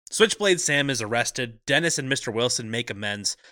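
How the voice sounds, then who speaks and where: Podcast co-host, man, very bright tone, relaxed recap with frequent laughs, dry sound. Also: mid-range voice, moderate pace, no echo. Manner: laughs often, easygoing recapping. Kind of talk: casual movie recap chat.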